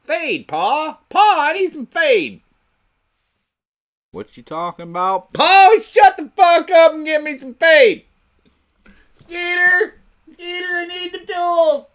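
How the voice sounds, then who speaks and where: A man voicing a panicked hillbilly who yells for his buddy, with a put-on Southern drawl and a shrill twang. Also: lively intonation, slow pace, long pauses, full character voice. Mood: yelling. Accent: Southern US rural drawl, put on. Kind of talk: comedic character bit.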